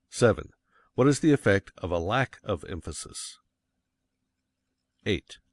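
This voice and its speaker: A man reading a textbook aloud as an audiobook, in a measured, deliberate way with clear stresses. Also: lowish voice, no echo. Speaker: audiobook reader.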